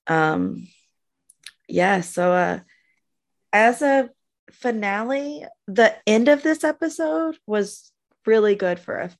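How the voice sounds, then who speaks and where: Gravelly-voiced woman in an animated podcast chat. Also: medium pitch, slow, long pauses. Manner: animated, gushing, laughs often. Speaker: podcast co-host. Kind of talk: casual chat recapping a TV episode.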